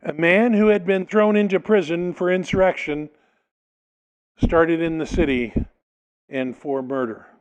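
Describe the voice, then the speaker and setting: A man's voice: on the high side, measured pace, long pauses, clear, resonant tone, rough recording. A male pastor preaching a sermon, reading a passage aloud and explaining it, sometimes acting out the people in it. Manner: expository preaching, reads scripture then explains it, dramatizes quotes.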